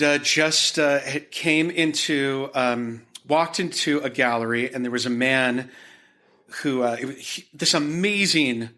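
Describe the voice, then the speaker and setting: A man's voice: mid-range voice, pushed and bright. A man from Utah, a gallery owner, guest on a podcast, telling his story in a rambling way full of fillers and restarts. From Utah, United States. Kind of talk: conversational storytelling.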